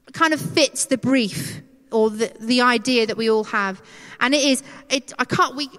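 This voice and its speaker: A woman preaching a conversational, animated sermon, acting out quoted voices. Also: a little high. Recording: long hall reverb.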